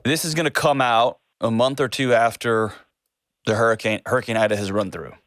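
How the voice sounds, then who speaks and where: A man hosts a call-in advice show, his voice sitting at an ordinary middle pitch. He tells stories in a folksy, animated way, recorded dry and close with no room sound. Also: brisk, no echo. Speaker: host. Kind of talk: casual call-in advice talk.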